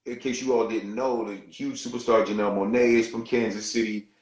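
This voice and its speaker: A man's voice: fairly low pitch, steady tone, a little fast, darkish tone, reverberant. A man hosting an interview, enthusiastically summing up for his viewers with frequent fillers. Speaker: host, CEO. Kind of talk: interview host.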